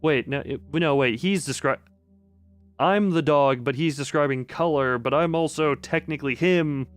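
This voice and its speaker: A young man with a smooth, clear voice reads a game's story aloud for his stream, breaking off often with dry, joking remarks. Faint game music sits quietly behind him. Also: fairly high pitch, normal speed. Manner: dry, joking commentary between narration. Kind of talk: reading a visual novel aloud with jokey asides.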